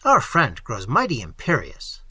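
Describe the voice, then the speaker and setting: A tall, idle rogue with a lazy, sardonic drawl, as a male reader puts him on. The voice is bright and slightly husky, in a dry, close sound. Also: mid-range voice, huge pitch swings, a little slow, no echo, exaggerated voice.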